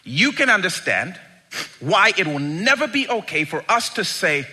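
A middle-aged man preaching a sermon, dramatic and emphatic, moving between quiet asides and loud bursts. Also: high-pitched, big pitch swings, normal speed. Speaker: pastor.

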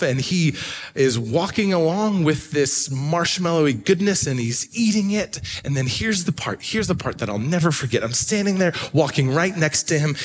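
Animated pastor in a reverberant hall. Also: male voice, fairly high pitch. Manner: animated storytelling, swings from hushed to excited. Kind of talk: sermon with personal story. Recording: long reverb of a large hall.

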